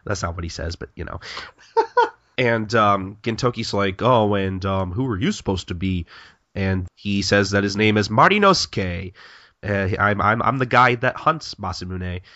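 A man's voice: on the low side, normal speed, pushed and bright, dry recording, highs cut off. A man co-hosting a podcast in casual chat, recapping a manga in a rambling, profane way and acting out characters' lines with lots of laughing. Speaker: podcast co-host.

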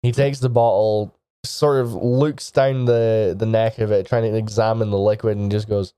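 A man narrating a tabletop game as game master, in a halting way with frequent restarts. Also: on the low side, little pitch movement, dark tone, clean tone, no echo, clean studio sound. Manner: halting, with many restarts and laughs.

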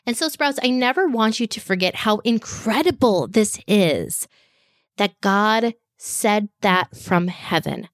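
Woman, children's podcast host, unhurried emphatic delivery, dead-dry studio sound. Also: medium pitch, expressive, no echo. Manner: slow, warm-hearted and emphatic, addressing kids directly. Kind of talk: scripted faith lesson for children. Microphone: podcast microphone.

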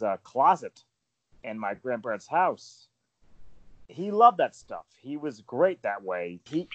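Man in his forties, animated storytelling, dry lo-fi mic, casual panel chat. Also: medium pitch, no room sound. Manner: animated, storytelling, frequent fillers. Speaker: podcast panel host.

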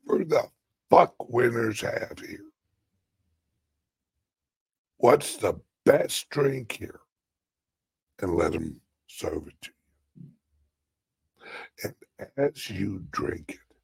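A male show host in an emotional, profane live-stream monologue, choked up and swinging between whispers and shouts. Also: fairly low pitch, no echo. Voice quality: raspy, gravelly.

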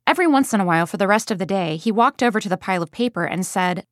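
A woman's voice: mid-range voice, expressive, very fast, no room sound, studio quality, lightly acted. A woman reading a mother's first-person story about her young son in a plain, conversational audiobook style. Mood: storytelling.

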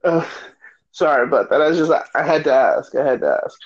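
A man's voice: fairly high pitch, animated, brisk, dull audio. An American man hosting a casual gaming chat, joking and hyped though tired late at night. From United States. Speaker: podcast host.

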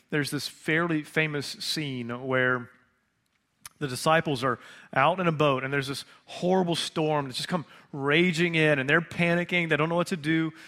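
A man preaching a conversational sermon, asking rhetorical questions and pausing for effect. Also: on the high side, fairly bright tone. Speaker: pastor.

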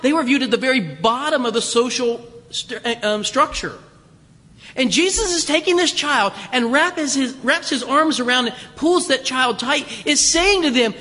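High, bright-voiced chuckling preacher. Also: male voice, in a large hall. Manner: chatty and joking, with frequent restarts and chuckles. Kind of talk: conversational sermon.

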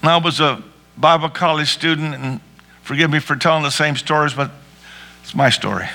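A man's voice: a little high, moderate pace, creaky, sharp tone. A man preaching a sermon with rising fervor, calling out to his congregation and breaking into prayer. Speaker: pastor.

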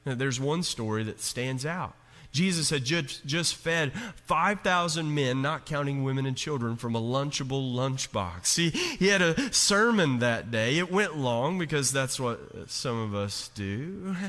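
A man's voice: mid-range voice, expressive, a little slow, fairly bright tone. A man, a pastor, preaching a conversational sermon with jokes and acted-out quotes, often stumbling over and restarting his words. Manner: conversational, joking, acts out quoted voices with restarts. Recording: long hall reverb.

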